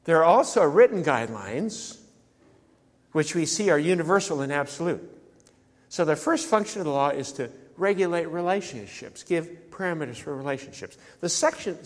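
A man preaches a sermon, his voice sitting a little high for a man. He talks in an easy, conversational way, often stopping to ask the congregation a question. The sound rings out with the long reverb of a church sanctuary. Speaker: pastor.

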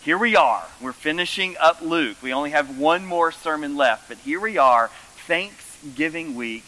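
A man preaching a sermon as pastor, telling stories with lively emphasis. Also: on the high side, low-quality recording.

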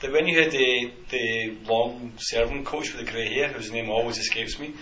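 A man's voice: medium pitch, moderate pace, pushed and bright. Male podcast co-host, loose rambling delivery, faint hiss under a roomy, muffled recording. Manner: rambling, many restarts and fillers. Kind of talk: casual football chat.

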